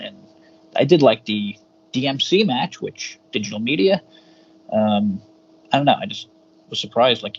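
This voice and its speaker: A man co-hosting a podcast, chatting casually and rambling through a wrestling review with hesitant fillers and casual swearing. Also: medium pitch. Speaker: podcast co-host. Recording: dull lo-fi sound with faint hum.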